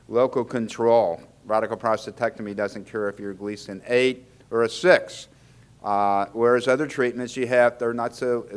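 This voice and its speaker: A man's voice: mid-range voice, clean tone. A man giving a conversational medical lecture, chatty and often restarting his sentences, asking the audience questions. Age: older. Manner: chatty, self-interrupting, asks the audience questions. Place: lecture hall.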